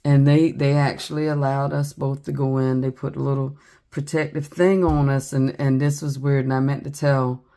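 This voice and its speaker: Middle-aged craft vlogger, dark gravelly voice, flat rambling chat full of ums. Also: female voice, rumbling low, moderate pace. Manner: chatty storytelling with many ums.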